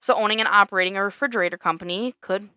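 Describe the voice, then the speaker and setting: A woman's voice: mid-range voice, racing, pushed and bright, smooth, no room sound, clean studio sound. A young woman hosting a podcast, chatting casually, swearing freely and laughing often. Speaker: podcast host. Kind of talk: casual chat.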